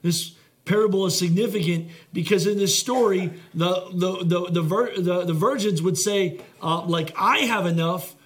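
A man preaching with a notably high voice. He talks to the congregation conversationally, stumbling and restarting often, with earnest feeling behind his words. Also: fairly even intonation, moderate pace. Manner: conversational, filler-heavy preaching with many restarts; earnest, heartfelt delivery. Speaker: pastor. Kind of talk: sermon.

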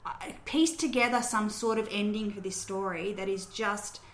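In a roomy, echoing recording with slight background noise, a woman at medium pitch walks through a film's story scene by scene. The podcast host keeps fairly even intonation and a moderate pace, chatting casually with fillers.

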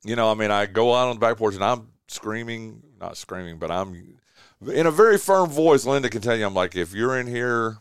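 A man hosting a radio talk show from home, rambling through stories with lots of fillers and restarts. His voice sits somewhat low, smooth and clear, recorded dry and close. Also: expressive, fairly quick, no room sound. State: recovering from bronchitis. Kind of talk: casual chat. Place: home studio.

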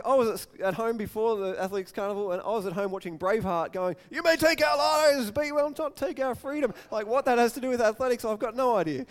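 A man preaching a sermon, telling stories and acting out quotes in loud bursts. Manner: storytelling, acts out quotes with sudden loud raised-pitch outbursts. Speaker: pastor. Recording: long hall reverb.

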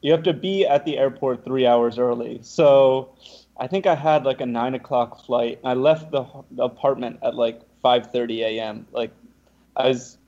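A man's voice: medium pitch, moderate pace. Young guy telling a story, does the other people's voices, kinda muffled lo-fi sound. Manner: animated, acts out the other people's lines. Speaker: guest. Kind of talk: casual storytelling.

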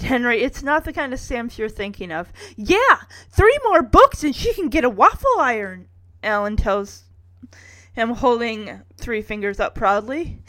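A woman's voice: fairly high pitch, fairly bright tone. A woman recapping an episode in a casual, chatty way, with wry sarcastic asides.

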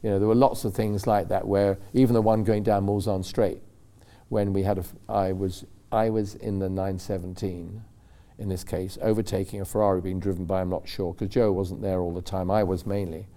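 A man's voice: low-pitched, level tone, a little fast, dark tone. Older man telling a rambling racing story. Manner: rambling and self-correcting, acts out quoted voices. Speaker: racing driver guest. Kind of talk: anecdotal storytelling. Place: club talk show stage.

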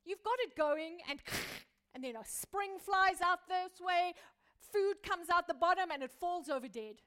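A woman pastor preaching a sermon, building through repeated phrases and dropping from loud emphasis to a hushed near-whisper. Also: very high voice, expressive, measured pace. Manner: repetitive rhetorical building.

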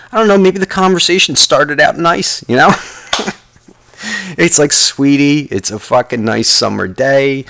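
A man's voice: lowish voice, a bit bright. A man telling a rambling comic story, swearing constantly and interrupting himself. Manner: profane, rambling, self-interrupting. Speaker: vlogger.

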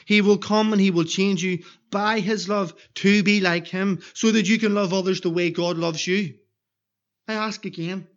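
A man's voice: sits high, fairly even intonation, normal speed, muffled recording. A man preaching an evangelistic sermon in a church, earnestly pleading with repeated questions.

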